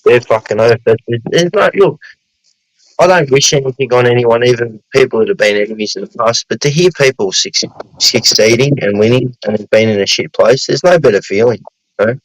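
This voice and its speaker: A man's voice: medium pitch, brisk, no echo, rough recording. An Australian man hosting a casual chat in a blunt, sweary, earnest way.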